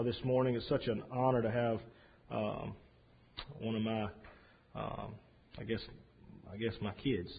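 Middle-aged man, husky pastor, halting soft delivery, lo-fi capture. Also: fairly low pitch. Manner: halting, with many fillers and restarts, soft and tender. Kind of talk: sermon. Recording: dull lo-fi recording.

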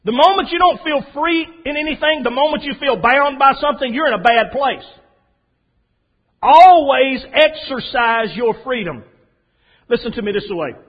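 A man preaching a sermon in a folksy, storytelling way, swinging from soft asides to loud emphasis. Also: very high voice, a little fast, few pauses. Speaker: pastor. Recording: dull lo-fi sound.

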